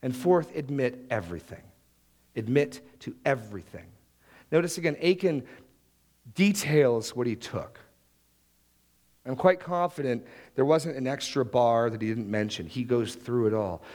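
A man's voice: medium pitch, lively intonation, measured pace, a little mellow. A married man preaching a sermon, acting out the prayers and excuses he quotes. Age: adult, married. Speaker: pastor.

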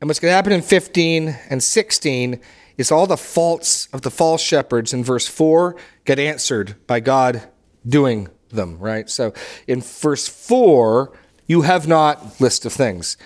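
A man's voice: medium pitch, animated, measured pace. A man leading a Bible study discussion, enthusiastic and emphatic, often restarting and repeating words as he teaches. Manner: emphatic when stressing scripture phrases.

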